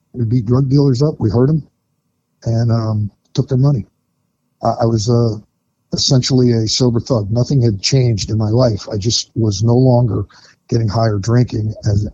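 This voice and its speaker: A man's voice: medium pitch, mellow, slightly rough, no echo. A middle-aged man and retired firefighter, frankly telling his own recovery story in conversation, with many fillers and restarts. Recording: dull lo-fi podcast audio with faint noise.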